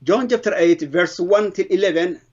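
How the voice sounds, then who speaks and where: Halting middle-aged man. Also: sits high. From Somalia. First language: Somali. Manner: halting, earnest storytelling with broken English grammar. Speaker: interviewee giving a testimony. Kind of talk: personal conversion testimony. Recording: dull lo-fi sound.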